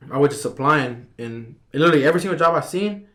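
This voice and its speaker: A young man in his twenties telling a personal story in a casual podcast chat, relaxed and full of slang and fillers. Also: fairly high pitch, fast talker. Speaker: podcast guest.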